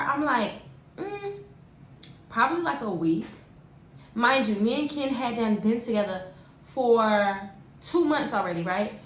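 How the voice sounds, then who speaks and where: Animated slangy young woman telling a story. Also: on the high side. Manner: animated, slangy, talks straight to viewers. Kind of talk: casual storytime vlog. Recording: echoey room with faint hiss.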